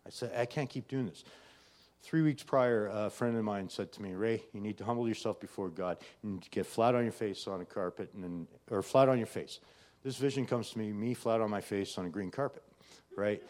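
A man's voice: fairly low pitch, brisk, darkish tone. A middle-aged man giving a personal faith testimony in a conversational way, often adding "right?" and "you know". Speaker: testimony speaker.

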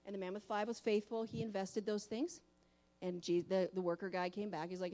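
A woman preacher giving a sermon in an animated storytelling manner. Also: medium pitch, a little fast.

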